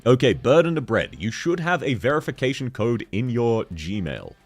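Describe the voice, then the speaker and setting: A man's voice: medium pitch, big pitch swings, normal speed, faint music behind. A young man chatting casually on a game livestream, joking, laughing often and reading chat messages aloud. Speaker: streamer.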